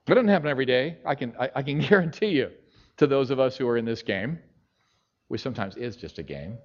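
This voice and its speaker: On a dull lo-fi recording, a middle-aged man preaches fast in a mid-range voice. He narrates a story animatedly, performing the voices of those he quotes.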